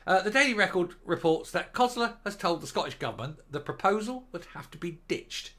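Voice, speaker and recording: Older male host, sarcastic news rant, bright forceful voice, a bit high. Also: lively intonation, a little fast. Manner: sarcastic, mocking, scornful. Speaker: political commentary host. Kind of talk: reading news and ranting.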